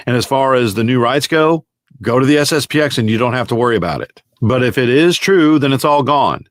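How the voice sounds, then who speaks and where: A man in a played clip, calmly arguing his position in a matter-of-fact way. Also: medium pitch, brisk, no echo, studio quality. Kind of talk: argumentative explanation.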